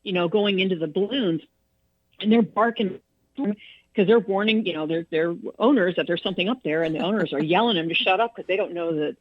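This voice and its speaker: A middle-aged woman tells stories from her radio years in an animated way, jumping high in pitch as she acts out what people said. Her voice is a bit husky. The recording is dry and somewhat dull. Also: a little fast, dry recording. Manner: animated storyteller, acts out quotes with big pitch jumps. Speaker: former radio personality, guest. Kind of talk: storytelling interview. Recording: dull, dry low-fi studio sound.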